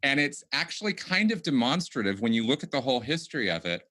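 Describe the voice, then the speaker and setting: A man hosting a conversational podcast, talking in a halting way with many restarts and repeated words. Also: medium pitch, very animated, pushed and bright. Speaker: podcast host.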